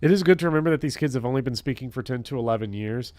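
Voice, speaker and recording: A man who works as a teacher, talking casually to his chat while gaming, blunt and heavily profane in an animated rant. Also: medium pitch, rapid-fire, no room sound. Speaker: teacher streaming a game.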